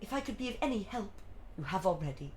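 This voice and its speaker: A woman's voice: medium pitch, big pitch swings, quick pace, a little mellow, pitched below the performer's own voice, natural voice. A woman doing an earnest young governess. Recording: music playing under the voice.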